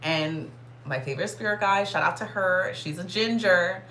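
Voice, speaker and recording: A woman vlogger telling a story in a casual, animated way, swearing and saying "like" constantly. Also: lowish voice, moderate pace, roomy sound, slight background noise. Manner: animated, profane, heavy filler "like".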